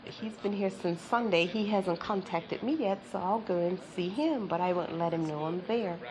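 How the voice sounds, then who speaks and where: A woman recalls past events in a quiet, reflective, halting way for a documentary. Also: lowish voice, crowd noise, poor audio.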